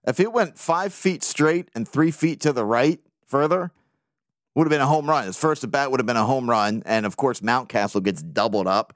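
A man hosting a casual sports podcast, talking as an excited, profane fan with lots of energy. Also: mid-range voice, moderate pace, no echo, clean studio sound. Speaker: podcast host.

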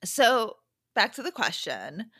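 A woman's voice: medium pitch, big pitch swings, slow pace, a bit bright, slightly rough, no room sound. Woman podcaster rambling candidly, dead dry mic, mid voice. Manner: chatty, candid, self-correcting asides. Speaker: podcast host. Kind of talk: casual podcast monologue. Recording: dry close-mic sound.

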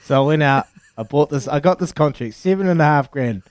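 A man's voice: fairly high pitch, animated, fairly quick, clean tone, no echo. A laughing New Zealand man on radio. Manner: jokey, laughing, storytelling. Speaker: radio co-host. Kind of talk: casual breakfast radio banter.

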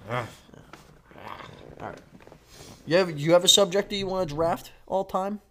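Young man, podcast host, lively swinging voice, a bit high, joking and swearing. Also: measured pace, a little hiss or hum. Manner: joking, swears a lot, teasing. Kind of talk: casual chat.

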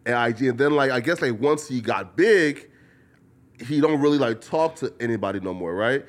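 A man's voice: mid-range voice, expressive, moderate pace. A man hosting a casual interview, rambling with lots of filler words. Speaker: podcast host.

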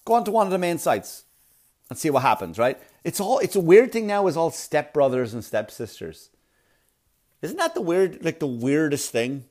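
A man performing a rambling stand-up comedy routine, full of filler words and quick asides. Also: on the high side, sing-song, a little mellow. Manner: rambling, filler-heavy delivery with sudden breathy put-on voices.

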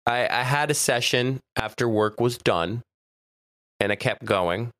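A podcast co-host with a stuffy nose chats casually and laughs often, his mid-range voice a bit bright and a little slow. The sound is clean studio quality with no room sound.

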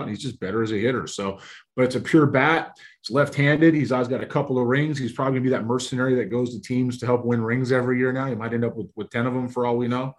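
A man, a former baseball scout, telling stories in casual chat and acting out the voices of people he talked to. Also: mid-range voice. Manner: animated storyteller acting out phone calls. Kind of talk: casual storytelling.

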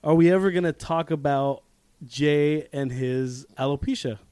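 Young male podcast host, slightly high voice, laughs and swears often, loose storyteller. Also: measured pace, a little mellow, smooth, no room sound. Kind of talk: casual chat.

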